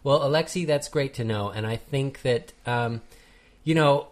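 A man's voice: medium pitch, unhurried. A man in a middle register co-hosts a casual podcast. He reads out listener emails and adds dry, wry remarks along the way. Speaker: podcast co-host.

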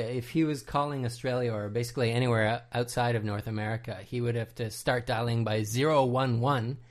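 A man co-hosting a casual podcast, explaining trivia in detail with frequent hesitations. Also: medium pitch. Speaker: podcast co-host. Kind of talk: casual commentary chat.

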